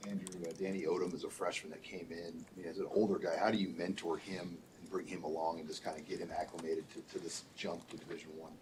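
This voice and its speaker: A male reporter asking a press conference question in a quick, conversational way. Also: low voice, little pitch movement, slight background noise, rough recording.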